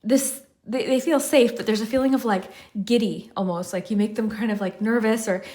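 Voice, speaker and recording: A woman's voice: on the high side, steady tone, brisk, darkish tone. A woman giving a casual pick-a-card tarot reading, out of breath and rambling with lots of fillers. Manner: chatty, rambling, many "like" fillers. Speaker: tarot reader.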